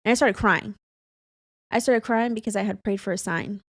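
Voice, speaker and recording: A woman's voice: medium pitch, normal speed, no room sound. Chatty young woman telling her story. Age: young adult. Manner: chatty, many "like" fillers, close to tears. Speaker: podcast co-host. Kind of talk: casual chat, telling a personal story.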